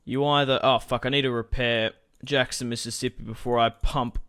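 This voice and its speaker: A man with a smooth, clear voice commentates casually on his own strategy game. He thinks aloud, drifts into asides to his viewers and fills pauses as he goes, speaking close to a desk microphone. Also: medium pitch, fairly even intonation, a bit bright. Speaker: gaming channel host.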